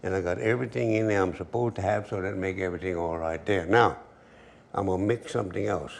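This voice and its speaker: Give me an older man with a deep gravelly drawl, chatting through a cooking demo. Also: fast talker, slight background noise. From Louisiana. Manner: relaxed drawl, storytelling asides. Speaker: cooking show host. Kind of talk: folksy cooking demonstration.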